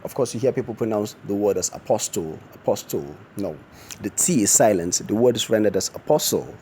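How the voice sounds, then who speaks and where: A man's voice: fairly low pitch, dark tone, slight background noise. A man teaching a pronunciation lesson, spelling words out letter by letter and then saying them with care.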